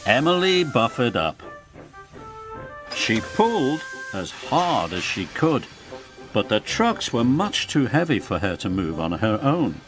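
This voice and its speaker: A man with a British accent narrating a children's storybook in an animated read-aloud manner. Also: mid-range voice, slow pace. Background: background music.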